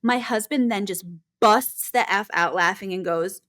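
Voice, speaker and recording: A woman in her thirties co-hosting a casual podcast, animated and quick to laugh, acting out quotes as she reads stories. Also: medium pitch. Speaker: podcast co-host, labor nurse. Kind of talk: casual chat, reading stories aloud.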